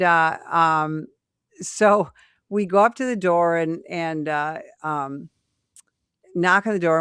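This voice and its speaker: Retired cop lady from illinois spinning a story, smooth voice, close dry mic. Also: low voice, dry recording. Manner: animated storyteller, acts out quoted voices. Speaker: retired police sergeant, guest. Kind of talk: storytelling in a casual interview.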